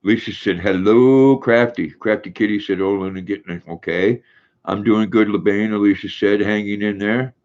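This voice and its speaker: Rich: An older man with a low voice chats his way through a home live stream, rambling from one story to the next and laughing easily. The sound is dull and lo-fi. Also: fairly even intonation, moderate pace, darkish tone. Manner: rambling, reads viewer comments aloud, chuckles often. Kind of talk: casual live stream chat.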